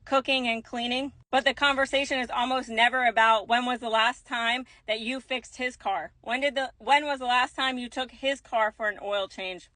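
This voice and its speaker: A woman's voice: on the high side, pushed and bright, no echo. A woman delivering an emphatic, sarcastic rant to camera. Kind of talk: ranting monologue to camera.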